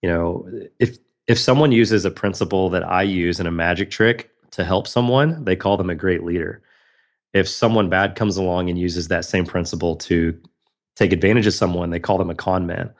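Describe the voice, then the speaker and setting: A man's voice: deep voice, normal speed. A man in his thirties, a podcast guest telling a personal story in an earnest, reflective way.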